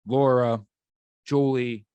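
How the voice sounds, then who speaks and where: A man's voice: mid-range voice, fairly even intonation, slow pace, mellow, clean tone, muffled recording. A male podcast host talks in a loose, rambling way, often tripping over his words. His voice sits in an ordinary middle range. The sound is dry and close, with no room echo. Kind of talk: casual chat.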